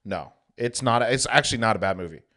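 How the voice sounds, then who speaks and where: A man's voice: lowish voice, expressive, fast talker, sharp tone. A young man co-hosting a podcast in casual chat, rambling with lots of fillers. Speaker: podcast co-host.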